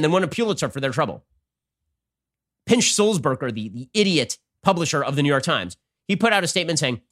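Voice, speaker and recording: Fast-talking, sarcastic male host. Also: fairly high pitch, very animated, fairly bright tone. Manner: rapid-fire, sarcastic, combative. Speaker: show host. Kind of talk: political commentary.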